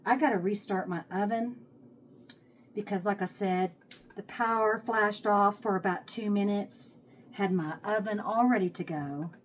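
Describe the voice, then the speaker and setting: Texan woman home cook, unhurried rambling kitchen chat, phone on a tripod, faint hiss. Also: mid-range voice. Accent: Texas. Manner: rambling, thinking aloud while working. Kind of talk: casual cooking vlog chat.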